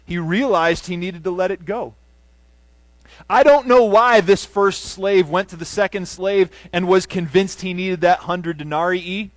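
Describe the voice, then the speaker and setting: High-voiced preaching man, dry sound. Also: no echo. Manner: earnest preaching with rising emphatic runs and soft low endings. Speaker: pastor. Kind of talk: sermon. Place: church sanctuary.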